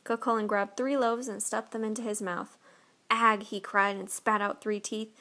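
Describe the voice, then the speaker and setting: A woman reading a folk tale aloud as narrator, in an expressive, lilting storytelling manner. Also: medium pitch, normal speed.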